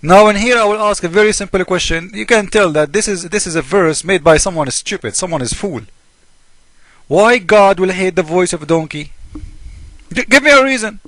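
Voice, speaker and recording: A man's voice: sits high, normal speed, a bit bright, no echo. A man delivering a polemical monologue as a religious critic, mocking and argumentative, firing off rhetorical questions.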